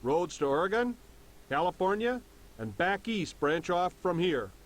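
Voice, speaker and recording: A man's voice: high voice, very animated, unhurried. An actor playing a welcoming frontier townsman in a game, speaking in a formal, informative way. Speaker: town greeter in a game.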